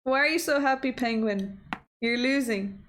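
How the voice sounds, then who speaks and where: A young woman streaming a chess game, talking excitedly to her computer opponent, gasping and exclaiming at the moves. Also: a little high, normal speed, a little hiss or hum. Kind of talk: casual live-stream chess play-by-play.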